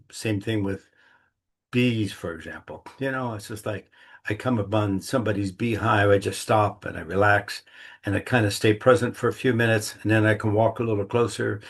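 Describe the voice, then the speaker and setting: Husky-voiced man musing in folksy talk. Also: on the low side. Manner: folksy, rambling, acts out little inner dialogues. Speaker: host giving a monthly talk. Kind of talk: casual reflective monologue.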